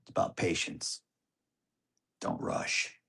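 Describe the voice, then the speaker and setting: A middle-aged father telling a personal story in an interview, animated, moving between hushed tones and loud excitement. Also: takes it slowly. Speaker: grieving father being interviewed.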